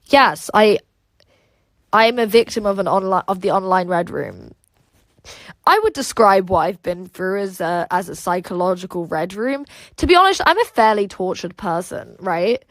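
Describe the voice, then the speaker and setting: Young woman livestreamer with a British accent, bluntly profane and quick to laugh, on a dry, close mic. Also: medium pitch, lively intonation, fairly bright tone, no room sound. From Russia. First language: Russian. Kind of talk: casual livestream chat, reading out comments.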